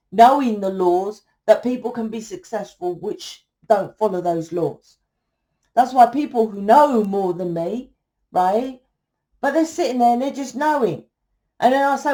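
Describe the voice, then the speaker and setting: Woman, somewhat high voice, blunt ranting monologue, swearing, rhetorical questions. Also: dark tone, rough recording. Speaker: tarot reader.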